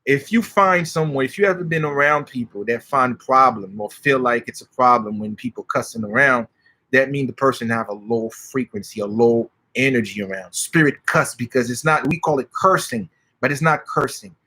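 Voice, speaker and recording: A man telling stories as a spiritual practitioner, excitable and swearing freely. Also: medium pitch, moderate pace. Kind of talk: animated storytelling.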